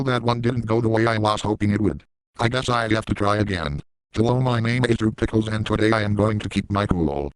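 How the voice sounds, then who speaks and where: A man voicing a crude, boastful middle-aged cartoon dad in a parody comedy video, speaking in a deadpan way. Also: fairly low pitch, no room sound, close to an everyday voice, poor audio. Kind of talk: parody voice acting.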